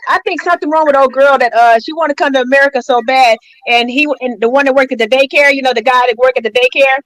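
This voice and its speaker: A woman's voice: high-pitched, steady tone, fast talker, a bit bright, no room sound. Sassy, slangy woman, dry close sound. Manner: sassy, slangy, repeats phrases for effect. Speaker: panelist. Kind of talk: casual panel chat about a reality show.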